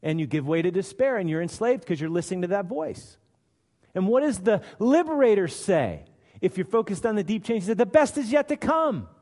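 A man preaching a sermon, acting out quoted voices and swinging between loud and hushed delivery. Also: sits high, expressive, brisk. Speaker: pastor. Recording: long hall reverb.

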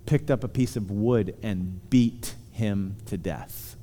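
A man preaching a sermon, earnest and emphatic, slowing down to stress key words. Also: lowish voice, dark tone, slight background noise. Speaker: pastor. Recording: long hall reverb.

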